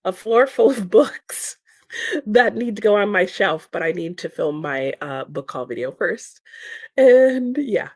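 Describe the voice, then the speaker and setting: A woman's voice: mid-range voice, animated, measured pace, no room sound. A woman hosting a livestream in casual chat, reading out viewer comments, still sleepy, giggling and stumbling over her words. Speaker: livestream host.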